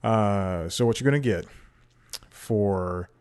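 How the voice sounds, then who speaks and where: A man's voice: lowish voice, slow, a little mellow, smooth. A man hosting his own podcast in a casual, rambling monologue, self-deprecating and laughing often, talking into a desk microphone at home. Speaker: podcast host. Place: home room with TV playing.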